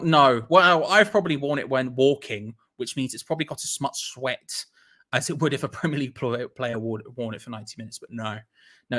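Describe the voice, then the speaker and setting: Young guy on a live stream, bright forward voice, rattling off shout-outs to viewers. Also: mid-range voice. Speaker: host of a live watch-along stream. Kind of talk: casual live-stream chat reading viewer comments.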